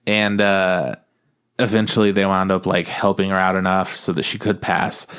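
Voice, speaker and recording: A man co-hosting a podcast in casual chat, animated and laughing often as he retells scenes. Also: normal speed, clear, resonant tone. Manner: animated, acts out characters in high voices, laughs often. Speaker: podcast co-host.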